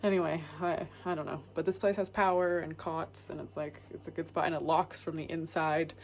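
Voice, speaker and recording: Solo hiker woman vlogging, slightly low voice, halting and unsure. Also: flat delivery, darkish tone. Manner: hesitant, lots of fillers and restarts, low-key. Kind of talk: candid vlog talk to camera. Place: indoors, small locked woodshed at night.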